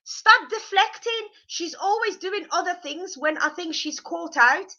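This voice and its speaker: A woman's very high, pushed, bright voice comes through lo-fi sound as she reviews a reality show. She has a slight cold and is chatty, opinionated, and quick to poke fun.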